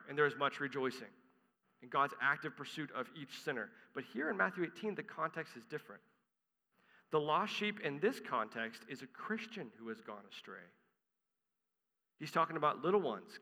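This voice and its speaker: A man's voice: on the high side, bright, forceful tone, big-room sound. A man preaching an earnest sermon, explaining a scripture passage and reading it aloud to his congregation.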